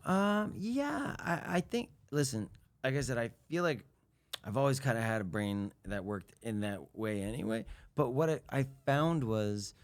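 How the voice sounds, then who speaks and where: A man in his forties, a guest in casual chat, talking in a relaxed, reflective way. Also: medium pitch, normal speed. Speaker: actor and director guest.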